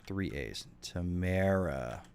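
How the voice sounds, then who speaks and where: A deep-voiced man chats casually with his stream viewers while he plays a game. He rambles and swears freely as he answers messages from chat. Keys clatter on a keyboard behind him. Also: lively intonation, slow pace, creaky, a little mellow, slight background noise. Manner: chatty, swears a lot, reacts to chat.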